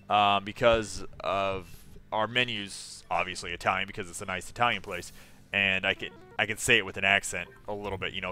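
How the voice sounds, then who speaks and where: A man's voice: lowish voice, bright, forceful tone. A young man chatting casually on a live game stream, laughing often and reading viewers' messages aloud.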